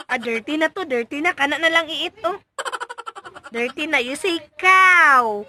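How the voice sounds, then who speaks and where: A woman's voice: high voice, fairly quick, background noise. A young Filipino woman, an early childhood educator, patiently teaching a toddler at home, repeating simple prompts. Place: home, just woken up.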